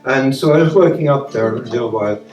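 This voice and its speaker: A man's voice: medium pitch, quick pace, darkish tone. An older British man, an activist musician, chatting with an audience between verses and leading a joking sing-along in a live concert. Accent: British English. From Britain. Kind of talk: live concert, talking and singing with guitar. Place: concert hall before an audience. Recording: roomy live recording with guitar, mic at a distance.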